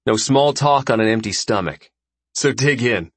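Brief: man voicing a cocky young lord, chatty and lively, husky edge, audiobook character. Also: mid-range voice, moderate pace, dry recording, pitched above the performer's own voice. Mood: breezy. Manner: breezy, chatty, self-assured. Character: jovial young male ruler, boastful host.

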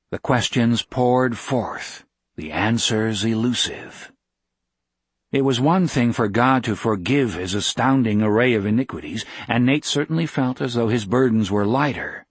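Brief: male narrator, husky voice, gentle measured reading. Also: mid-range voice, expressive, no echo. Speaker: audiobook narrator. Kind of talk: scripted narration.

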